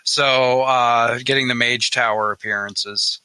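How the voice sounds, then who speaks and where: A man on a casual podcast, teasing and quick with jokes. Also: mid-range voice, steady tone, pushed and bright, clear, resonant tone, dry recording, low-quality recording. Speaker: podcast guest. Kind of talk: casual chat.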